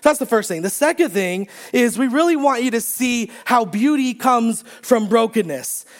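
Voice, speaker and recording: A man's voice: very high-pitched, lively intonation, normal speed. A man preaching a conversational sermon to his congregation, chatty and joking, with plenty of fillers. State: recovering from strep throat. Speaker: pastor. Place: church sanctuary under stage lights.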